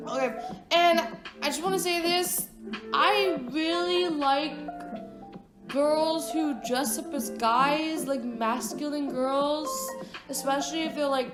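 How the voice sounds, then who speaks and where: A woman's voice: sits high, fairly even intonation, measured pace. A woman of about twenty telling a casual, rambling story with frequent swearing and offhand asides. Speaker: vlogger. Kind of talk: casual storytime over a speedpaint. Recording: echoey room with background music.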